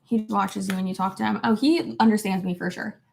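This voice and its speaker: A woman's voice: medium pitch, fairly even intonation, brisk, gravelly, darkish tone, echoey room, slight background noise. A woman vlogger chatting at home, talking to and playfully scolding her dog in a doting, exasperated way. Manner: playful baby-talk scolding of a pet. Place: apartment room.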